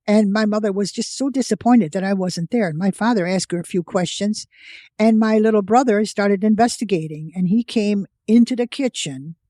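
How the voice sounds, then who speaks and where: Woman in her eighties, from the US, podcast guest with a lively storytelling manner, dry close recording. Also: mid-range voice, no echo. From United States. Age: 80s. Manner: vivid storyteller who acts out quoted voices. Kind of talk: personal storytelling.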